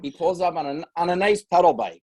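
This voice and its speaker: A man's voice: high voice, animated, a little fast, dark tone, rough recording. A middle-aged man from Canada, a former hockey player telling stories on a podcast in a rambling way, with many restarts. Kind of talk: casual storytelling.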